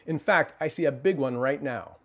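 A man's voice: fairly high pitch, moderate pace, voice pushed up, lightly acted. A man voicing a scheming male seagull in a children's storybook, talking in a sly, coaxing way.

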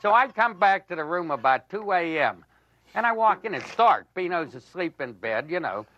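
A man's voice: high voice, very animated, normal speed, lo-fi sound. An older man telling a rambling, laughing anecdote from his past, peppered with "you see".

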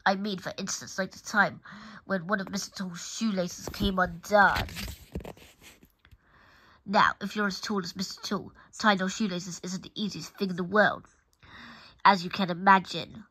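A woman reading a children's picture book aloud, expressive and talking straight to the listener. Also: mid-range voice, measured pace, slightly rough. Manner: expressive, addresses the listener directly. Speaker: storybook reader.

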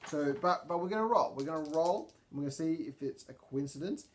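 A man's voice: fairly high pitch, brisk. A man narrating a solo tabletop game, thinking aloud with many ums and restarts. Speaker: storyteller and player.

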